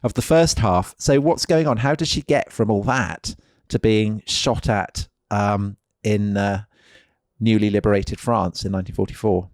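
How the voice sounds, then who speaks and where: Male co-host with a lower voice who chats and throws in jokes and questions. Dry, close mic. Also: measured pace, no echo. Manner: chatty, quips and prompts his co-host. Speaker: history podcast co-host. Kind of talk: casual conversation.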